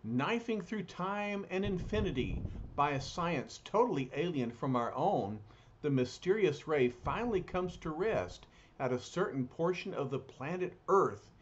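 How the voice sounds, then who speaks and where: A man's voice: fairly high pitch, very animated, measured pace. A man retelling a cartoon episode aloud in a dramatic manner with loose asides, in a muffled lo-fi recording. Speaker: storyteller. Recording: muffled lo-fi recording, faint hiss.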